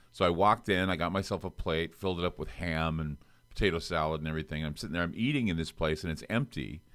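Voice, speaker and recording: A man hosting a talk show, with a voice that sits very low. He tells stories with a theatrical touch. The sound is close and dry, with no room around it. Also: fairly bright tone, dry recording. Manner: storytelling, theatrical. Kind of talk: casual interview chat.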